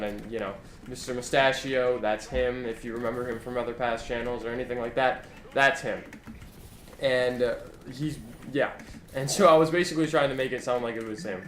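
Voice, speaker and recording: Rambling young man, swearing, roomy sound. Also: mid-range voice. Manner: rambling, swears a lot, restarts often. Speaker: YouTuber. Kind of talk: casual storytime vlog. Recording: roomy echo, faint background hum.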